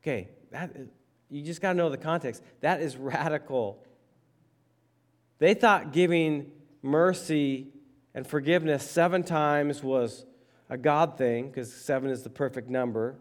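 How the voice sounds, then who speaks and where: A pastor preaching a sermon, reading scripture aloud and explaining it in a conversational, emphatic way. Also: male voice, on the high side, a little slow. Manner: conversational, emphatic with checking questions.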